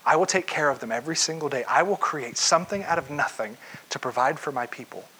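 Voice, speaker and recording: A man's voice: fairly high pitch, quick pace, pushed and bright, breathy edge, poor audio. A young man preaching a sermon, telling Bible stories with acted-out voices and sometimes dropping to a whisper for emphasis. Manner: storytelling, acts out voices, drops to a whisper for emphasis. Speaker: pastor.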